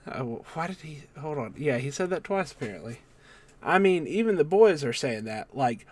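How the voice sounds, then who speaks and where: A man's voice: on the high side, lively intonation, moderate pace, no room sound. A man hosting his own wrestling news channel, recapping the day's stories in a loose, casual way with lots of fillers and self-corrections.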